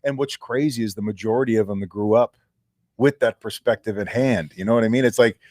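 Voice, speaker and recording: A man's voice: on the low side, brisk, no room sound, studio quality. Candid man telling locker-room stories. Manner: animated storyteller, swears casually. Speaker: co-host, former pro football player. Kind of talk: casual sports talk.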